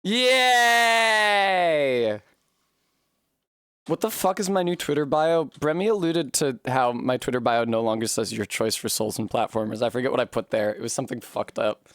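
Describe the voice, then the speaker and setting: A man streaming a game live, animated and swearing freely between bursts of laughter. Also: mid-range voice, normal speed, hardly any pauses, no echo, clean studio sound. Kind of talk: live gameplay commentary.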